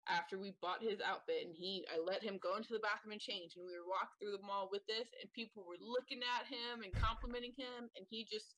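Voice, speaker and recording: A woman on a parenting podcast, telling heartfelt stories about her son in an animated way. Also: mid-range voice, fast talker, hardly any pauses, dry recording, low-quality recording. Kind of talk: casual chat.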